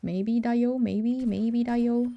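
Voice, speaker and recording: A young woman streaming a game, chatting casually and filling gaps with silly humming and meows. Her voice sits a little high and mellow. The sound is dry and close. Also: steady tone, very slow, no echo, muffled recording. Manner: playful, hums nonsense and meows between chatter.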